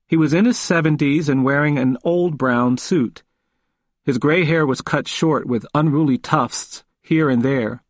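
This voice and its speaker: A man reading a memoir audiobook in a measured, earnest way. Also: medium pitch, no echo, clean studio sound. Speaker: narrator.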